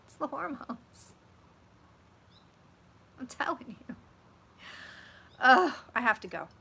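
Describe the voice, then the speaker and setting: This young psychic hosts a casual home live stream, gushing, chatting, and swearing freely while reading comments aloud. Her high-pitched voice is sing-song and slow, bright and forceful but gravelly and slightly rough.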